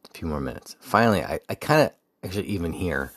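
Very deep-voiced man telling a story. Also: lively intonation, fast, dry recording, studio quality. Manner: rambling, with frequent restarts and asides; faith-focused reflection. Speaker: podcast host. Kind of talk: casual personal storytelling.

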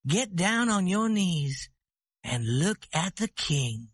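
Man playing high, lively young ranch woman, storybook read-aloud, dry close sound. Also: takes it slowly, husky, no echo, full character voice. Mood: tender. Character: young female ranch owner, tender and commanding.

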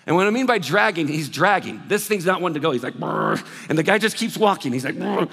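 A man preaching a sermon, telling a story with lively acted-out dialogue before moving into scripture. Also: fairly high pitch, quick pace, husky. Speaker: pastor. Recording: reverberant hall sound.

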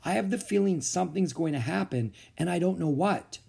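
A man's voice: high voice, expressive, brisk, vocal fry, a little mellow, slightly rough, voice pushed up, full character voice. A man reading aloud, voicing an earnest, puzzled schoolboy who talks politely but insistently. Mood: uneasy.

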